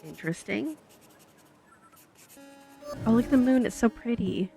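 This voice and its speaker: Expressive woman gaming streamer. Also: fairly high pitch, measured pace, creaky, faint music behind. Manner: expressive, exclaiming. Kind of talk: let's play reactions.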